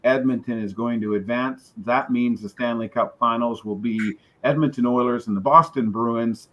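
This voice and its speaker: A man's voice: mid-range voice, fairly even intonation, normal speed, fairly bright tone. A man giving confident hockey playoff predictions on a casual sports chat, with a few filler ums. His audio sounds slightly dull and muffled. His voice sits mid-range. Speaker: hockey analyst guest.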